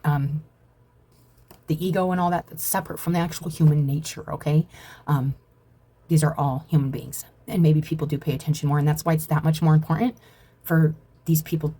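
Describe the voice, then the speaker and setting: A woman's voice: low voice, fairly even intonation, a little fast, mellow, breathy edge. A woman giving a casual, meandering spiritual reading, reflective and full of fillers. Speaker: spiritual reader.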